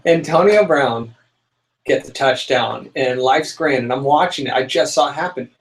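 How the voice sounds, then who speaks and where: A young man co-hosting a casual chat show, telling a story with lively, dramatic outbursts. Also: mid-range voice, moderate pace, low-quality recording. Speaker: podcast co-host.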